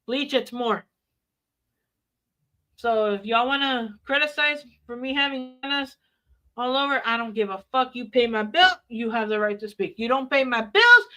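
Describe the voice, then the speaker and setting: A woman's voice: a little high, bright, forceful tone. A middle-aged woman chatting on a live stream, blunt, defiant and full of profanity. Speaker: livestreamer. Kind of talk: casual live stream chat.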